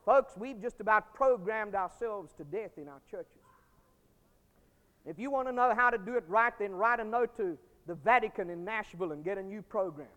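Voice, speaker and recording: A man preaching a sermon as pastor, emphatic, swinging from loud bursts to quiet storytelling. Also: high voice, normal speed. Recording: long hall reverb.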